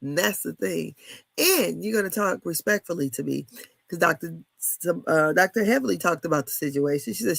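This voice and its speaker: Woman, 50s, reality TV commentator; casual, blunt, gravelly, laughs a lot. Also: on the low side, animated, moderate pace, fairly bright tone, no echo. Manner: candid, laughing, blunt with cussing. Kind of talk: casual chat.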